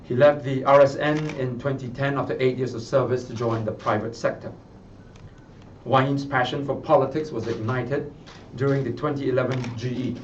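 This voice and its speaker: A man's voice: mid-range voice, fairly even intonation, normal speed, a little hiss or hum. A man with a Singaporean accent, speaking as party spokesman at a press conference in a party office, reading out a prepared biography and then adding loose remarks. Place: party office, room with reporters. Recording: muffled sound from a distant mic.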